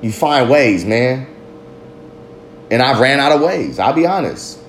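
A man in the middle of his range talks bluntly and swears freely, baring his thoughts in a candid confessional monologue. His voice rings around a roomy, echoey space with a faint low rumble underneath. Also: sing-song, a little slow. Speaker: father. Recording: roomy echo.

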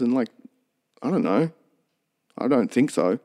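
A man's voice: lowish voice, animated, moderate pace, pauses often, darkish tone. A man co-hosting a podcast, talking earnestly in a rambling, casual way with many restarts. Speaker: podcast co-host.

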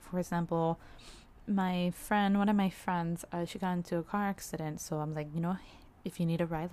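A young woman talking candidly in a personal vlog, rambling a little, with frequent "like"s and soft laughs. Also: on the low side. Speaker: vlogger.

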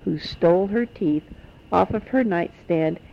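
An older woman telling homespun family stories to children in an animated storytelling manner. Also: lowish voice, unhurried, creaky, slight background noise. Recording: dull lo-fi recording.

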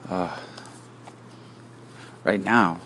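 A man's voice: sits low, extremely slow, pushed and bright, slight background noise. A man hosting a casual solo podcast, talking outdoors into a phone app as he walks, rambling and goofy as he muses aloud. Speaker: podcast host. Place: outdoors, walking around.

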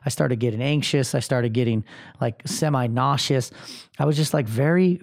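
A man in his thirties hosts a podcast, his gravelly, slightly mellow voice at medium pitch and moderate pace. He rambles through a motivational monologue, bluntly, with lots of profanity and filler.

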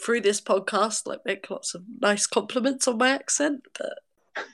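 English girl with a blocked-up nose, bit of vocal fry, chatty and giggly on a podcast. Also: fairly high pitch, a little slow, fairly bright tone. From England. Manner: chatty, laughs often, self-deprecating. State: congested, nasal from a cold. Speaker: podcast guest. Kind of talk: casual chat.

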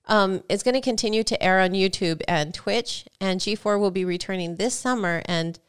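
Female co-host, smooth but worn morning voice, chatty news rundown. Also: medium pitch, moderate pace. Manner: chatty, reads news items aloud casually. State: voice worn, just woke up. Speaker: podcast co-host. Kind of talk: casual gaming chat.

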